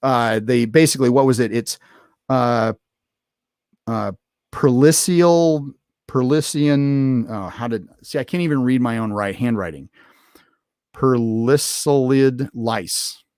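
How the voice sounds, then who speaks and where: A man's voice: mid-range voice, brisk, no echo, studio quality. A man hosting a show, recapping an episode in casual unscripted talk, rambling with many fillers and restarts. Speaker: podcast host reviewing an episode.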